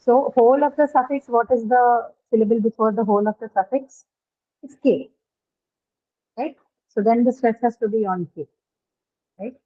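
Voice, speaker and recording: A woman teaching English online explains word stress, speaking at a normal rate with a fairly high voice and long pauses. She stays patient, asks her students questions, and frequently confirms understanding with "right?" The recording has a tinny, phone-call quality.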